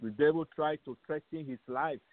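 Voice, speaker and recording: A man's voice: a little high, moderate pace, dry recording. Man preaching over a tinny phone line. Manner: emphatic, repetitive, asks rhetorical questions. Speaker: radio show host. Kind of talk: radio preaching. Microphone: phone call-in line.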